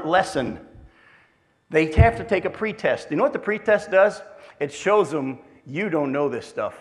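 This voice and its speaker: Lively storytelling pastor with a raised voice. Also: male voice, fairly high pitch. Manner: lively storytelling with self-deprecating humor. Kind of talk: sermon.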